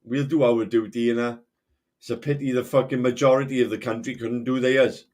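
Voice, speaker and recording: A man's voice: medium pitch, level tone, fairly quick, a little mellow. A man in a heated online argument, blunt, dismissive and swearing.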